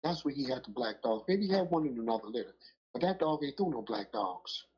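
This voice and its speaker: A man's voice: mid-range voice, lively intonation, brisk, darkish tone, slightly rough. A middle-aged man and dog breeder talking in a casual, emphatic storytelling style, full of street slang and "you know what I'm saying". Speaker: dog breeder on a podcast talk show. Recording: muffled lo-fi audio.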